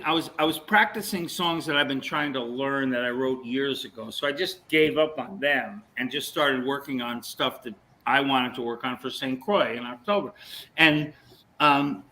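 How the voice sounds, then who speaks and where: A man's voice: a little high, low-quality recording. A man telling a story in casual chat, acting out what people said to him. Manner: animated storyteller, acts out quotes.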